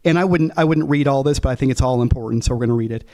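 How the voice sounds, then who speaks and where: A man teaching a Bible class, reading quoted passages slowly and explaining them in a casual way, thinking aloud with many fillers and restarts. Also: mid-range voice, warm tone. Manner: slows down to read quoted passages.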